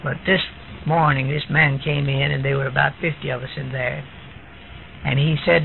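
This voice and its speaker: A man's voice: mid-range voice, flat delivery, normal speed, vocal fry. A man preaching a sermon, telling a testimony story in a plain storytelling way. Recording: tinny lo-fi recording with faint hiss.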